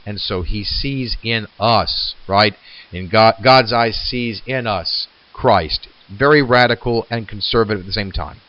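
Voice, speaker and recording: Guy lecturing on poems, lowish voice, muffled lo-fi sound, lots of ums. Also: dry recording. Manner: reflective, slows to read verse aloud, many fillers. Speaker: literature lecturer. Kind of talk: recorded lecture.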